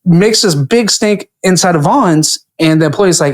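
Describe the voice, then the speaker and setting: A man from California, a podcast guest, telling a profane story in casual, animated chat. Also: moderate pace, few pauses. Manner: swings to high pitch when riled.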